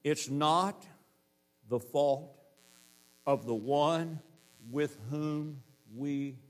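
A man preaching a sermon, emphatic, slowing down to stress key phrases and repeating his points in lists. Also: on the high side.

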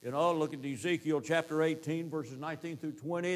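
Man, preacher, sermon, emphatic, drawn-out stresses, fairly high voice. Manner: emphatic, slowing down to stress key phrases; repeats points in rhetorical lists.

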